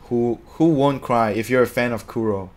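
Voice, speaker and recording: Male streamer, casual live chat, excitable, chatty, mid-pitched voice. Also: normal speed. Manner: excitable, chatty, drops filler "man". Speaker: streamer reading viewer comments.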